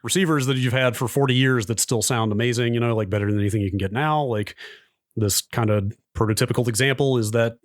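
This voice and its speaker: A man's voice: medium pitch, fast, dry recording, clean studio sound. A man co-hosting a podcast in casual chat, hedging a lot with "like" and "you know". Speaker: podcast co-host.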